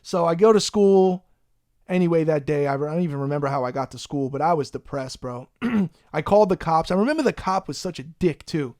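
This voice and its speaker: A man, hosting a podcast and telling a profane, animated story in a casual way. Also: fairly high pitch, fairly quick, no room sound, clean studio sound. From Long Island, New York. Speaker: podcast host.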